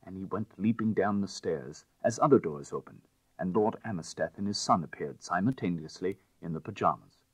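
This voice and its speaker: A man narrating a classic tale as an audiobook in a measured, expressive way. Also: low-pitched, husky, no room sound.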